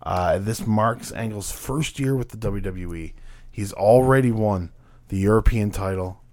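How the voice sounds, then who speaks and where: A man's voice: lowish voice, unhurried, darkish tone. A man co-hosting a casual wrestling podcast, trading crude jokes and banter. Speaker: podcast co-host. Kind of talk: casual wrestling recap chat.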